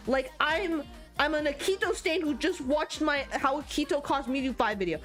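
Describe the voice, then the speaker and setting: High-voiced young woman ranting while streaming. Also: normal speed, faint music behind. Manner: rambling, filler-heavy, profane and animated. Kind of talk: casual livestream chat while drawing.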